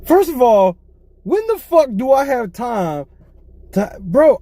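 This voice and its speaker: A man's voice: very high-pitched, sing-song, unhurried, mellow. A man co-hosting a podcast, telling a story in casual, profane chat and laughing often, talking from a car. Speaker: podcast co-host.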